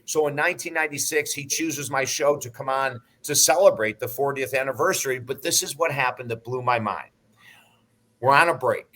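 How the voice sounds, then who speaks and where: A man in his sixties speaks as a guest in an interview. His voice sits at an ordinary middle pitch. He tells stories in an animated, emphatic way and sometimes swears. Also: fairly quick. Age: 60s. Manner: blunt and emphatic, with profanity; animated anecdote-teller. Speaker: guest, life coach and broadcaster. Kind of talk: interview storytelling.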